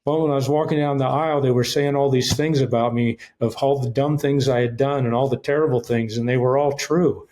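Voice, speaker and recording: A middle-aged man sharing his faith testimony as a podcast guest, at an ordinary pitch for a man. He tells it like a storyteller, earnest and direct, and voices the people in his story as he goes. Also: fairly even intonation, fairly quick, hardly any pauses, darkish tone. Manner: earnest storyteller, retells events with quoted dialogue. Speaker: guest, ministry leader. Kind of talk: personal testimony in a podcast interview.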